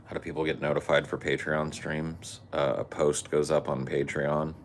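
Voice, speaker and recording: A man's voice: very deep voice, flat delivery, normal speed, background noise. A man co-hosting a podcast in casual chat, crude and joking with frequent swearing. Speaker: podcast co-host.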